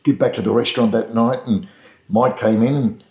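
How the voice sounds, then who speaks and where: An Australian man at an ordinary pitch winds through his old restaurant stories, restarting sentences and filling gaps with "uh" and "you know". The talk is loose and chatty, and his voice rings off the walls of an echoey room. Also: steady tone, fairly quick, darkish tone. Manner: rambling anecdotes with frequent restarts and fillers. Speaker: restaurant owner recalling his past. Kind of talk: casual storytelling interview.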